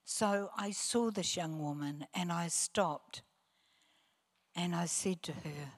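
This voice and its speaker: Older kiwi lady preaching, earnest storytelling, goes soft and hushed, takes her time. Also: fairly low pitch, slow, long reverb tail. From New Zealand. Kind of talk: testimony sermon.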